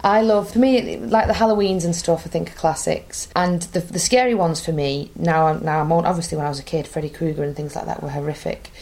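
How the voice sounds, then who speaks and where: A young woman from northern England with a Bury accent, chatting as an interview guest, animated, with quick restarts. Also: low voice. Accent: northern English, Bury. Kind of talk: casual interview chat.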